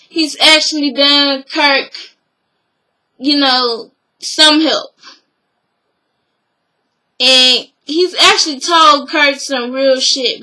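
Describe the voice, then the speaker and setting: Bright, high-voiced woman recapping a show. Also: low-quality recording. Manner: animated, acts out quotes, laughs. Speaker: reality TV recap vlogger. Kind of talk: casual episode recap.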